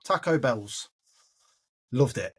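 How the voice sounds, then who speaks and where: A man's voice: medium pitch, lively intonation, slow pace. An Englishman hosting a podcast, chattily telling stories and calling his listener mate. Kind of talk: casual storytelling chat.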